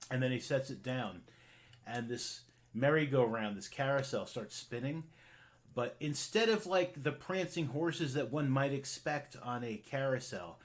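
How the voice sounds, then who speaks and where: A man running a tabletop game as game master, rambling from one thing to the next and saying "like" over and over. His voice is lively, rising and falling as he describes the scene. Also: mid-range voice. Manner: rambling, full of "like" fillers.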